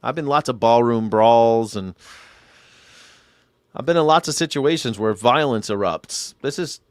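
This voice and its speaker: A man's voice: mid-range voice, measured pace, no echo, studio quality. A man hosting a live news reaction show, sarcastic, crude and rambling.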